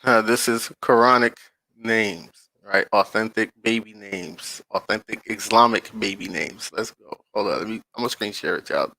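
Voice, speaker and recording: A man hosting his online channel, reading aloud from a screen-shared page and commenting in a slow, drawn-out way, often checking in with his viewers and talking to them in casual slang. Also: lowish voice, pushed and bright, no echo, poor audio.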